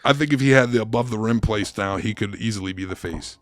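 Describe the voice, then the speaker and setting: Podcast co-host, male, low voice, dry close mic, blunt and profane casual talk. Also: fast, fairly bright tone, no room sound. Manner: emphatic, profane sports banter. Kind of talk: casual chat.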